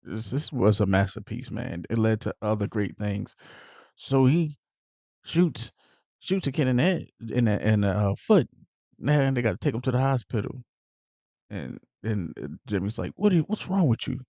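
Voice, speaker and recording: A man recaps a movie casually, rambling through fillers and restarts. His voice is mellow and relaxed, recorded dry and close. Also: on the low side, normal speed, dry recording. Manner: animated retelling with acted-out quotes. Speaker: movie reviewer.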